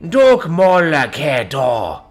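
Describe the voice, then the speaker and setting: Woman doing a rasping guttural monster warlord. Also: low-pitched, wildly swooping pitch, soft background music, pitched below the performer's own voice, heavily acted. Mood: menacing. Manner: slow, shouted commands in an alien tongue. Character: huge female armored monster warlord, menacing.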